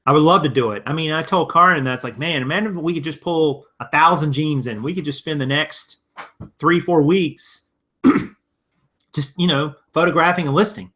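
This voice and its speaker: A man's voice: a little high, moderate pace, pushed and bright. A man from Virginia hosting a casual live stream, answering viewer comments in a rambling, conversational way full of restarts. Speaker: live-stream host and reseller.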